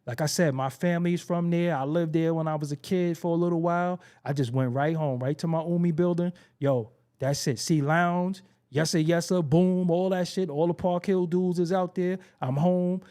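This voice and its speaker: A man's voice: fairly high pitch, fairly even intonation, moderate pace, few pauses, warm tone, clean tone. Streetwise man riffing in casual commentary. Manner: streetwise, repetitive storytelling with emphatic asides; frequent profanity and slang. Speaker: hip-hop show host.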